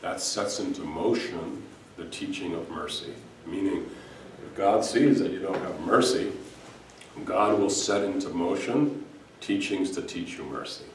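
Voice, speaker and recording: In a hall before an audience, a Sufi teacher gives an earnest spiritual talk, telling stories with many restarts. His voice is low and measured, with a little hiss or hum. The room is echoey and he sounds distant.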